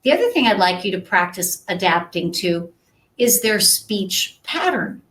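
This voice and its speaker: A woman's voice: medium pitch, very animated, measured pace, a bit bright, low-quality recording. A woman giving a conversational live-stream coaching talk as a sales trainer, often checking in with her viewers. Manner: conversational, checks in with "right?" and "okay?".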